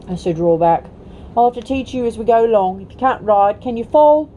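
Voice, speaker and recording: A woman's voice: on the high side, expressive, fairly quick, mellow, highs cut off, slight background noise, lightly acted. A woman voicing a proud, scornful male talking war horse in a storybook read-aloud, with bossy, clipped speech. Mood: brisk, bossy.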